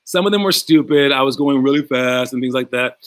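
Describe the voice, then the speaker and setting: A man coaching young basketball players, talking in a calm, conversational way and acting out the voices of people in his stories. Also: mid-range voice, a little fast, dry recording. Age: adult past college.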